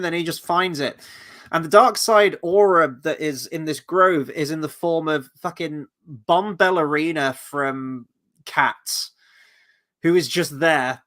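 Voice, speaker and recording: A man's voice: on the high side, sharp tone. Joking, foul-mouthed man reviewing a film. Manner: candid, crude, joking. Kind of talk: casual chat.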